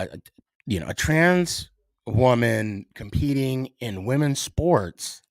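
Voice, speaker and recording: A middle-aged man hosting a solo podcast, giving his views in a halting way, full of fillers and restarts. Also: medium pitch, a bit bright, no room sound, clean studio sound. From United States. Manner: hesitant, many fillers and restarts. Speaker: podcast host.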